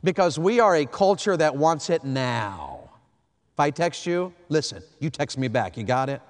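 A man, preaching a sermon, swinging from hushed to loud. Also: a little high, expressive, moderate pace. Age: 50s. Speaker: pastor. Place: large church hall. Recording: long hall reverb.

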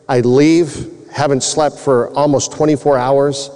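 Male preacher, mid-range pitch, earnest testimony delivery, mellow tone in a reverberant hall. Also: fairly even intonation, unhurried, smooth. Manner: earnest, emotional storyteller. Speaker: preacher telling his testimony. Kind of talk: personal testimony sermon. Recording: long reverb in a large hall.

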